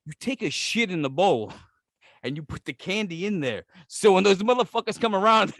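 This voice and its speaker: A middle-aged man with a New York accent, his voice pitched high for a man, riffs in loose, foul-mouthed podcast banter. He is animated, swears at every turn and laughs easily, and the close mic sounds dry with no room around it. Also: normal speed, no echo. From Brooklyn, New York. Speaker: podcast co-host. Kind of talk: casual profane comedic chat.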